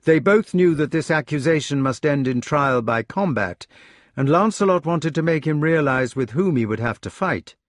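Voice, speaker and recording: A man's voice: on the high side, animated, normal speed, dry recording, clean studio sound. A man reading a novel aloud as an audiobook narrator, telling the story expressively. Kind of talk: scripted narration.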